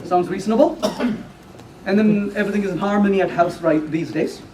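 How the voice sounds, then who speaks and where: A middle-aged man with a high, brisk voice gives a live technical talk to an audience in a meeting room, teasing playfully and quizzing the crowd with questions. He's a conference speaker, and the recording sounds roomy and distant, with faint room noise.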